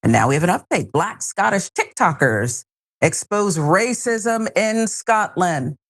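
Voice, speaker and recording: A woman's voice: fairly low pitch, animated, unhurried, a bit bright. A woman hosting a talk show, giving wry, emphatic commentary on a news story. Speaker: show host.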